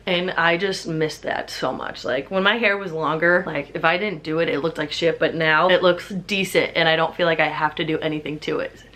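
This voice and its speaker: A woman's voice: low voice, fairly even intonation, moderate pace, few pauses, fairly bright tone. A woman in her twenties chatting casually in a home book vlog, filling her talk with "like". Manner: chatty, filler-heavy, says "like" constantly. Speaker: book vlogger.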